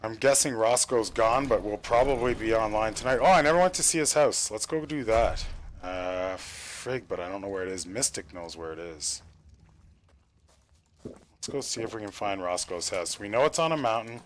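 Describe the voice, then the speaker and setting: A young man from Canada rambles through a casual game stream, cursing freely and padding his talk with lots of "uh." His voice sits low, and a faint noise hums behind it. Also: lively intonation, moderate pace. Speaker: game server admin and streamer. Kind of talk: casual gameplay stream chat.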